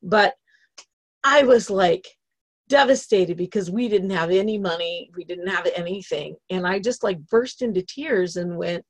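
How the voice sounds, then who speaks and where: A middle-aged woman with a mid-range voice speaks at normal speed in a dry recording, giving a personal motivational talk. She tells her story with emotion and laughter in an animated retelling, and she lives in a travel trailer in Idaho.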